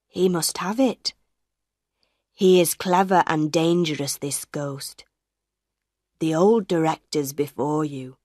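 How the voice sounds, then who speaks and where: Woman reader doing a knowing old woman, low and hushed, slow delivery, dry close sound. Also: no room sound. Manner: low, secretive, drops to a whisper. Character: old woman, shrewd and knowing, warning of a ghost.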